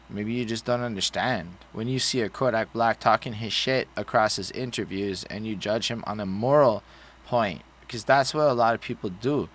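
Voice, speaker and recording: A man's voice: on the low side, a bit bright. A man co-hosting a podcast, talking through an album in a casual, blunt, profane and rambling way. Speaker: podcast co-host. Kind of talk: casual album review chat.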